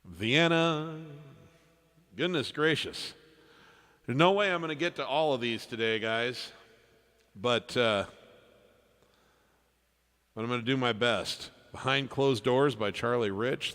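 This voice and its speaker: A man's voice: mid-range voice, measured pace, long pauses, in a large hall. A man hosting a live music stream, chatting casually and thanking viewers by name as he reads their requests. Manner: friendly, thanks viewers by name, trails off softly. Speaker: livestream piano performer reading chat requests. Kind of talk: casual livestream chat.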